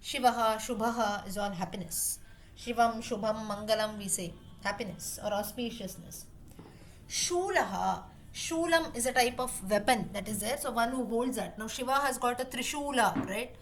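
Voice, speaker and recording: A woman's voice: a little high, a little hiss or hum. Patient woman teaching a class. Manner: patient, repeats terms and pauses to rephrase. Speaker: Sanskrit teacher. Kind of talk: explaining word meanings in a class.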